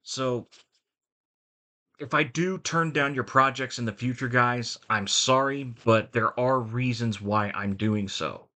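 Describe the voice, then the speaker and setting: A man's voice: medium pitch, slow, bright, forceful tone. A man talking frankly in a rambling vlog about his voice acting work. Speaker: voice actor and vlogger.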